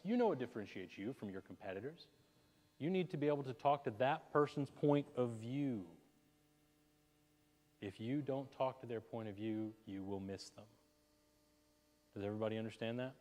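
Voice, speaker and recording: A man giving a lively, chatty networking talk and asking the audience questions. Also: medium pitch. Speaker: networking presenter. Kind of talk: live presentation to a small audience. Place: chamber of commerce meeting room. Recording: long hall reverb.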